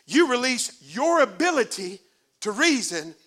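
Preaching a folksy sermon in church, this man moves a little slowly. His pitch is very high, bright and forceful, rising and falling lively as he goes from hushed asides up to shouting.

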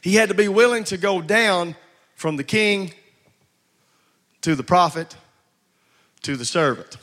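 A man's voice: high voice, a little slow, fairly bright tone. A male pastor preaching a sermon. He exhorts the congregation, calls for responses, and often repeats words.

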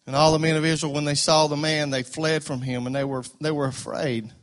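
A male pastor preaching a fervent sermon, stumbling over repeated words and building to loud declarations. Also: a little high, little pitch movement, brisk. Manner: fervent, repetitive stammering restarts, rising to loud declarations.

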